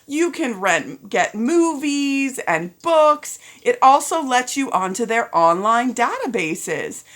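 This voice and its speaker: Woman principal talking to kids and parents, upbeat but a bit teary, kinda high voice. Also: very animated, slow pace. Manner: upbeat, addresses students as ladies and gentlemen. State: getting teary. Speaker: school principal. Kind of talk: end-of-year video announcement.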